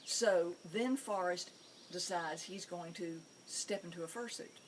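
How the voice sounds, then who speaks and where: A woman hosting a pet psychic show, telling anecdotes in an animated, amused storytelling manner. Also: lowish voice, a little slow, slight background noise. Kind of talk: storytelling monologue.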